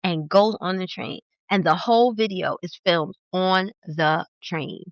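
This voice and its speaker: A woman from New York, a podcast guest, telling stories in an animated, emphatic way. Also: lowish voice, measured pace, no echo, highs cut off. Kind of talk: casual conversation.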